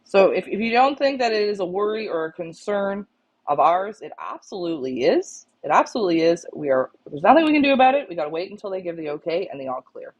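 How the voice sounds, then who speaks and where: A woman co-hosting a pigeon club show, talking bluntly and with exasperation to members and repeating her points for emphasis. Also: medium pitch. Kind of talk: casual live-stream chat to club members. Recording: dull, lo-fi stream audio.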